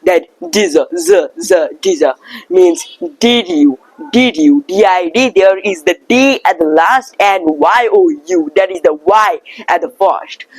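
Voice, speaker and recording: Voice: medium pitch, no echo, poor audio. Vlogger, casual teaching voice, drills words over and over. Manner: earnest, repeats words as drills. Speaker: accent-practice video maker. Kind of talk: casual tutorial with storytelling.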